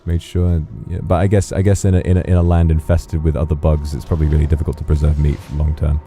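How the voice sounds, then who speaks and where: Deep-voiced man streaming a game. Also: flat delivery, quick pace, dark tone, soft background music. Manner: rambling, playfully profane. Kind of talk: casual gameplay commentary.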